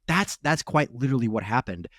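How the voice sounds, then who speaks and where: A man's voice: mid-range voice, expressive, brisk, dry recording, clean studio sound. A man in his thirties from Ukraine with a Chicago accent, a startup chief talking in an interview, often restarting and adding "right?". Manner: lots of restarts and "right?" tags. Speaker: startup CEO guest. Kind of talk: interview conversation.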